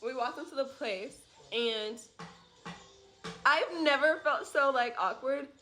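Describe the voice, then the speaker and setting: A young woman with a voice pitched a little high tells a story in a casual home vlog. She rambles and jumps between side remarks and swearing, keeping it animated and loose. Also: slow pace, very noisy. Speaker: family vlogger. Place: at home in a rental apartment.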